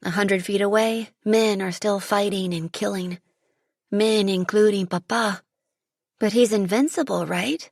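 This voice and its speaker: Husky, gravelly woman narrating an audiobook. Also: mid-range voice, a little slow, a little mellow, no room sound, studio quality. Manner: vivid, dramatic storytelling. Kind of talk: first-person audiobook narration.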